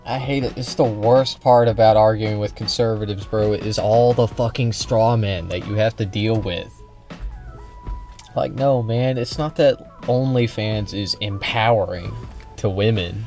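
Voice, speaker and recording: A man speaks in a low voice at a very slow, drawn-out pace, sarcastic and halting. He reacts to a clip over faint background music. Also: darkish tone.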